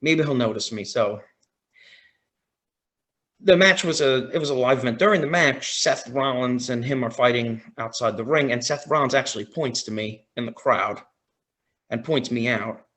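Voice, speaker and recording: A man on a podcast as a guest, telling a story in a casual, excited way, often quoting his own reactions. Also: medium pitch, moderate pace. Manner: excited, retelling with quoted reactions.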